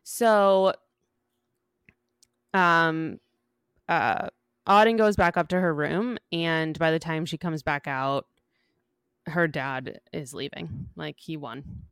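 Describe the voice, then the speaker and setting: Low, smooth woman recapping. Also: a bit bright, dry recording, clean studio sound. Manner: easygoing storyteller, retells scenes with quick acted-out quotes. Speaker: podcast co-host. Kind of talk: casual book recap.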